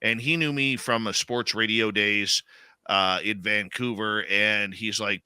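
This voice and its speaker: A man's voice: lowish voice, fairly even intonation, a little slow, sharp tone, clear, resonant tone, dry recording. A man with a Canadian accent, hosting a live radio talk show in a rambling, conversational way, full of fillers and restarts. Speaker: radio host.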